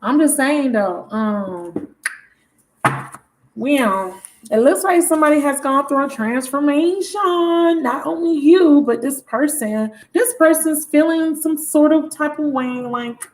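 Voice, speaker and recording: A woman's voice: high voice, animated, unhurried, a little hiss or hum. Goofy, exclamatory woman. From Broward County, Florida. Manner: goofy, exclamatory, chatty and playful. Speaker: tarot reader. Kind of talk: live tarot reading with viewer shout-outs.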